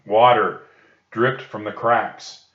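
Unhurried male storyteller for children, low voice; muffled echoey recording. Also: fairly even intonation. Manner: gentle and reassuring to children. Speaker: storybook reader. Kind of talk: reading a children's book aloud. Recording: dull echoey room recording.

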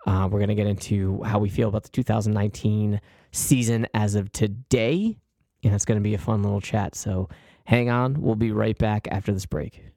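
A man's voice: fairly low pitch, steady tone, normal speed, dark tone, dry recording, clean studio sound. A man hosting a casual sports podcast, friendly and enthusiastic as he introduces guests and leads the chat. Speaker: podcast host.

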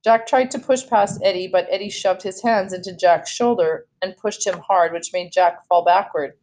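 A woman reading a children's novel aloud in a steady storytelling voice, now and then correcting herself. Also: mid-range voice, normal speed. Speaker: read-aloud host.

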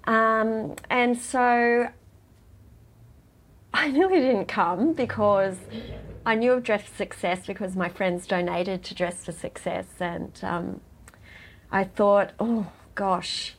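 A middle-aged woman speaks as an interview guest, her voice sitting at an ordinary middle pitch. She talks in a heartfelt, halting way, often restarting her sentences. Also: steady tone. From Australia. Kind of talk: emotional personal interview.

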